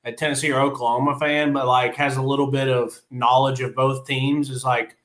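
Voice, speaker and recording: A man's voice: mid-range voice, level tone, brisk, a bit bright, reverberant. A man co-hosting a podcast in casual sports chat, blunt and frustrated, laughing often. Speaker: podcast co-host.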